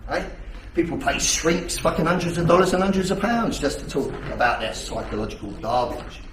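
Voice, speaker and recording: Blunt, swearing instructor in an echoey hall. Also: male voice, a little high, animated, brisk, background noise. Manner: blunt, heavily profane, rhetorical questions. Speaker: self-defence instructor. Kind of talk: teaching a class. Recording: echoey hall, distant mic.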